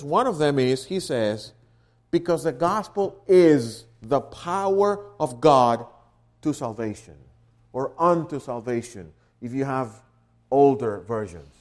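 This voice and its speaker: A man preaching a sermon as pastor, explaining like a teacher and building to loud, emphatic stresses. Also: fairly high pitch.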